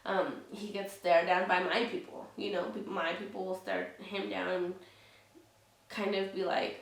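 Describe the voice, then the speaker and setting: A woman's voice: fairly low pitch, unhurried, gravelly, far from the mic. A woman vlogging in a candid, casual way, speaking frankly and heatedly, swearing freely and leaning on fillers like "you know". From Latina heritage. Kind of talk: casual candid vlog talk. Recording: roomy sound, speaker some way from the mic.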